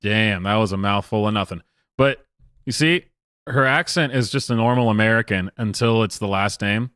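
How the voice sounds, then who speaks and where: A man's voice: lowish voice, normal speed, a bit bright, clear, resonant tone, no echo, clean studio sound. A man hosting a casual live-stream, talking in a rambling, mocking way with lots of fillers and laughs. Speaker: streamer host.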